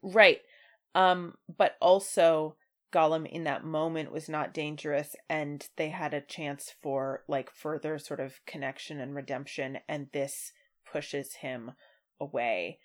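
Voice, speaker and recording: A woman's voice: deep voice, fairly even intonation, takes it slowly. A woman co-hosting a podcast, chatting casually and emotionally about a book, full of "like" and trailing thoughts. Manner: emotional, gushing, with many fillers. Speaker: podcast co-host.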